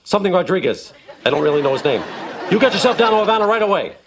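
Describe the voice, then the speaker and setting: Guy putting on a big blustery boss voice, high and fast, rambles off topic, sitcom laugh track behind. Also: sing-song, a faint crowd, a little hiss or hum. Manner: booming, rambling, easily sidetracked. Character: blustery rambling big male team owner. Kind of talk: sitcom impression.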